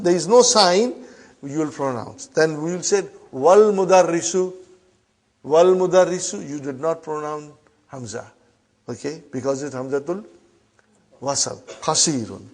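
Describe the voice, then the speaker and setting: A man with a fairly high voice, teaching Arabic grammar to an online class. He says each phrase slowly, then explains it in quick English and asks his brothers and sisters if they follow. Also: lively intonation. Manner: addresses students as brothers and sisters, checks understanding with "huh?".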